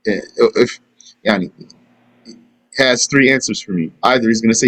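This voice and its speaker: A man's voice: mid-range voice, big pitch swings, normal speed, long pauses, a bit bright, poor audio. A man teaching a live religious lesson and answering questions, talking conversationally and acting out imagined back-and-forth dialogues. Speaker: Islamic teacher.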